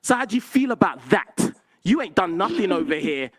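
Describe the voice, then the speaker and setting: A man's voice: sits high, sing-song, fairly quick, a bit bright. A young man hosting a call-in show, arguing insistently and repeating himself. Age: young adult. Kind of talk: heated call-in argument.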